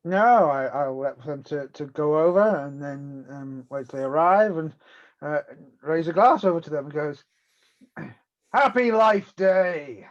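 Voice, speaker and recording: A man's voice: a little high, moderate pace, highs cut off. A man playing his character in a tabletop game, fumbling and stammering as he goes. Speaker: player. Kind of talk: in-character tabletop role-play.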